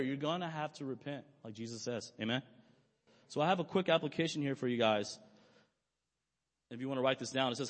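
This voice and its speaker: A young man preaching a sermon, talking conversationally and asking his listeners questions. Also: fairly high pitch. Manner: conversational, asks the audience questions. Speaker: pastor. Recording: long hall reverb.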